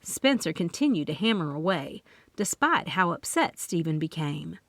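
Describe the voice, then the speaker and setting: A woman reading first-person audiobook narration in a lively, expressive voice on a close microphone. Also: on the low side, normal speed, dry recording.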